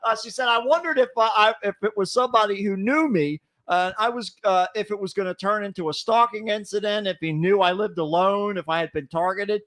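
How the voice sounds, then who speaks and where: A man's voice: sits high, a little fast, few pauses, fairly bright tone. A man co-hosting a comedy podcast, reading out odd news stories and joking around with lots of swearing. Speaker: podcast co-host. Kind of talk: casual comedic chat.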